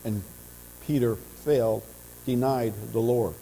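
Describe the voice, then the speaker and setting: A man preaching an earnest, impassioned sermon as pastor of a church, his voice swelling louder in passionate stretches. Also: medium pitch, steady tone, takes it slowly. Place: church sanctuary. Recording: church audio with long reverb and mains hum.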